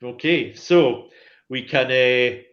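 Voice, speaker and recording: A man's voice: medium pitch, slow, fairly bright tone, dull audio. Patient man teaching numbers. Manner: patient, encouraging, drills words call and response. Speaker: Gaelic language teacher. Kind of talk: relaxed one-to-one language lesson.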